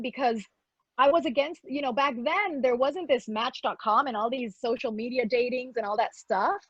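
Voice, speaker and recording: Young woman, high husky voice, animated storyteller, slightly dull recording, dry. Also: no echo. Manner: lively, acts out quoted voices, mixes in Spanish words. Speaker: model telling a personal story.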